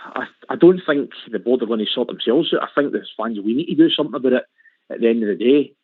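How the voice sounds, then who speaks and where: Frustrated Scottish caller on a phone line. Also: male voice, mid-range voice, fast talker, dry recording. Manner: frustrated, says aye a lot. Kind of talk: phone-in call.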